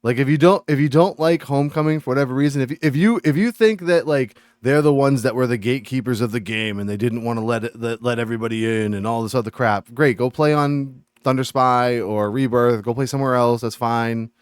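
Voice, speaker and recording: Smooth-voiced man ranting on a live stream. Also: medium pitch, a little fast, few pauses, dry recording, clean studio sound. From Massachusetts. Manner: animated ranting, reading chat aloud. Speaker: game streamer. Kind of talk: casual live-stream chat.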